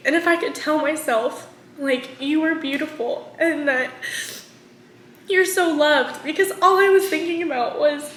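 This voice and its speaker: A woman's voice: high voice, a little slow, roomy sound, slight background noise. A woman in her twenties talking candidly to camera in a vlog, full of fillers and close to tears. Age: 20s. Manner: candid, filler-heavy, often near tears. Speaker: vlogger. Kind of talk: emotional casual confessional talk.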